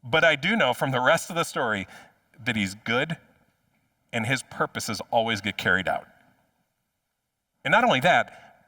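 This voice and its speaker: A man's voice: medium pitch, sharp tone, no echo, far from the mic. A man preaching a sermon as pastor in a conversational way, often repeating words as he restarts a phrase. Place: church.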